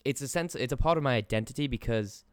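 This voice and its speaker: A man's voice: medium pitch, fast, clean tone, no room sound, clean studio sound. A young man from England talking casually on a podcast, rambling with lots of fillers and casual swearing. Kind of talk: casual chat.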